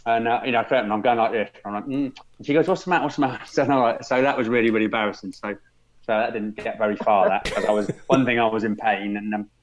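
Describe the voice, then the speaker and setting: A man's voice: lowish voice, fairly even intonation, quick pace. A man, a podcast guest, rambling through anecdotes with many restarts. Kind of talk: casual chat. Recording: dull lo-fi sound.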